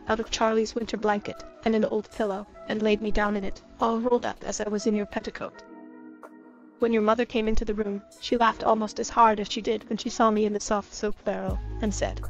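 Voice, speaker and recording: A woman narrating a classic children's story in a steady, even reading. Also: mid-range voice, a little fast. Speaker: audiobook reader. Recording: slightly muffled with faint music.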